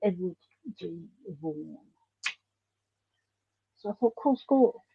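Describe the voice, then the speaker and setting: A woman's voice: lowish voice, expressive, takes it slowly, vocal fry, a little hiss or hum. An Australian woman hosting a casual livestream, chatting in a rambling way and answering viewer comments. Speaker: livestream host. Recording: dull lo-fi stream audio.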